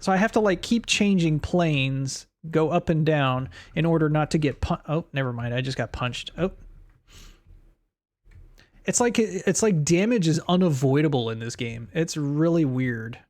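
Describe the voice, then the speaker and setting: A man's voice: fairly high pitch, animated, unhurried, a little mellow. A man streaming a retro game, rambling through bemused reactions and questions to himself. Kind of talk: live let's-play commentary.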